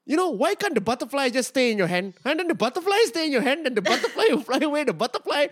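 A man mimicking a tipsy woman comic who rambles through a joke in a high, sing-song voice. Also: sing-song, quick pace, a bit bright, no room sound, studio quality, full character voice. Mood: mocking. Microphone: video call.

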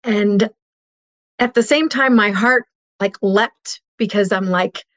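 A woman's voice: medium pitch, slow pace, a bit bright, lo-fi sound. A middle-aged woman telling a painful personal story as an interview guest, earnest and heartfelt.

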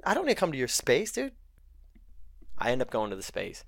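A man's voice: a little high, wildly swooping pitch, a little fast, creaky, fairly bright tone, dry recording, studio quality. A man, a podcast guest, heatedly retelling a story in casual, profane talk.

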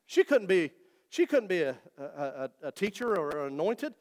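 A man's voice: fairly high pitch, sing-song, normal speed, darkish tone. A man preaching a sermon in a church, talking to the congregation in a conversational way and joking with them. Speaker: pastor. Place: church sanctuary. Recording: long reverb of a church hall.

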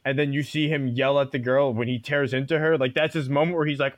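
A man's voice: mid-range voice, fairly even intonation, fast, hardly any pauses, no room sound. A man co-hosting a podcast, eagerly laying out his take on a movie in casual chat. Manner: eager, lays points out step by step. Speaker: podcast co-host. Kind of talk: casual chat, film discussion.

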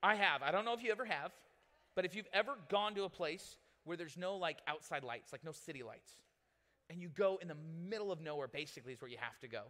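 Speaking a little high and fast, this male pastor preaches with an easygoing, animated manner, trading jokes with his listeners as if in conversation. A large hall gives the audio a long reverb.

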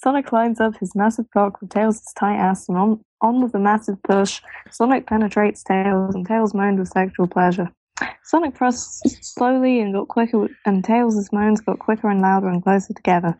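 A woman reading a story aloud in a matter-of-fact, deadpan way on a comic podcast. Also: mid-range voice, normal speed, dry recording, rough recording.

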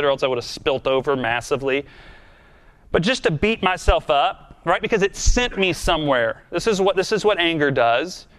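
A man's voice: a little high, fairly bright tone. A man preaching a sermon in a conversational, earnest and self-deprecating way, then leading a prayer. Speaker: pastor.

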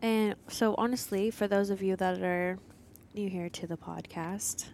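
A woman's voice: medium pitch, steady tone, unhurried, darkish tone, slight background noise. A young woman co-hosting a casual couple's podcast. She is candid and teasing and laughs often. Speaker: podcast co-host.

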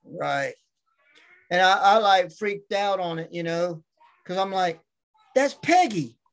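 A man's voice: high-pitched, slow pace, a bit bright, clear, resonant tone. A man in casual chat, telling rambling stories and acting out what people said. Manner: rambling storyteller, acts out quotes. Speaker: podcast guest.

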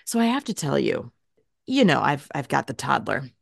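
A woman in her thirties co-hosting a podcast, chatting casually and telling stories in a lively, animated way. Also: rumbling low, normal speed, vocal fry, dry recording, clean studio sound. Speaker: podcast co-host. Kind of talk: casual chat.

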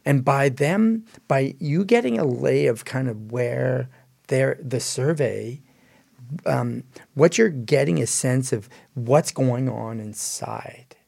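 A man's voice: medium pitch, slow, creaky, darkish tone. A man co-hosting a casual ministry discussion, explaining in a rambling way with many fillers. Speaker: podcast co-host.

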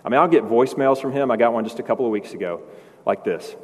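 A pastor in his forties delivers a sermon in a conversational style that builds to emphatic peaks. His mid-range voice moves at a quick pace, and long hall reverb surrounds the recording.

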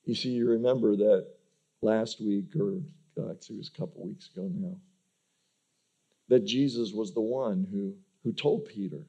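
A man's voice: fairly low pitch, normal speed, warm tone, husky. A male pastor giving a conversational sermon, often restarting sentences by repeating words.

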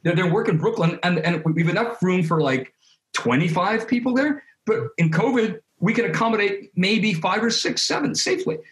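Picture a man chatting as an interview guest, his voice sitting a little high, recorded in a room that rings with echo. He speaks in an animated, casual way, often restarting and repeating words as he goes. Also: normal speed. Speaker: interview guest, creative studio head. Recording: roomy echo.

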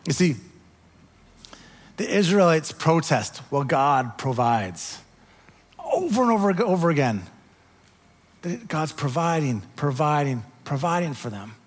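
A man preaching a sermon, animated when telling the story and dropping to soft, quiet tones. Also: on the high side, measured pace, long pauses, in a large hall. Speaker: pastor.

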